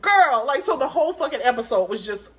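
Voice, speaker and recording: A woman's voice: sits high, very animated, a little fast. A woman telling a story in a casual podcast chat, swearing freely, laughing often and acting out what people said. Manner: laughing storyteller, profane, acts out quotes. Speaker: podcast co-host.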